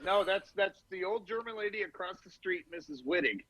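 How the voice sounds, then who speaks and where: High-voiced man reminiscing on a podcast. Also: animated, a little fast, fairly bright tone, no room sound, poor audio. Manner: reminiscing, chuckling. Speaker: podcast co-host. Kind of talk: casual chat.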